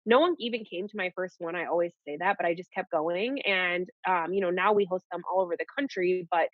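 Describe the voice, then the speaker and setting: A young woman and nurse, telling her story in a casual, animated way and saying "like" often. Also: lowish voice, a little fast, dry recording. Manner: animated, peppers speech with "like". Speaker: nurse guest. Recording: dull lo-fi audio.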